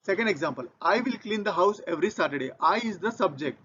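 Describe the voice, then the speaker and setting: Methodical Indian English male teacher, high voice, dull lo-fi recording, repeats rules for learners. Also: lively intonation, fast, fairly bright tone, slight background noise. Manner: methodical, repeats key points. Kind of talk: grammar lesson. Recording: dull lo-fi audio.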